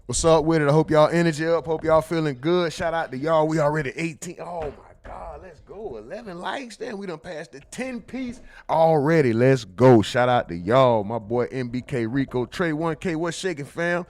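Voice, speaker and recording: A man's voice: a little high, expressive, moderate pace, hardly any pauses, darkish tone. Slangy man hosting a livestream. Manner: slangy, reads chat comments aloud. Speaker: livestream host. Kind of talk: casual livestream chat.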